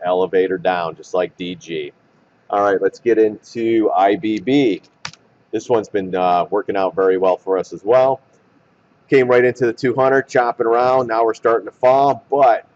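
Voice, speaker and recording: A man walking through stock charts in blunt trader slang, hoarse and losing his voice. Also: lowish voice, darkish tone, a little hiss or hum. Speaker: stock market commentator. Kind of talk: chart analysis talk. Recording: dull lo-fi recording.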